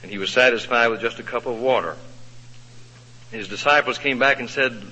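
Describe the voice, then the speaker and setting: A male preacher telling a Bible story in a sermon, folksy and expressive, asking the congregation questions. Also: mid-range voice, fairly quick, breathy edge. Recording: echoey hall, dull lo-fi sound.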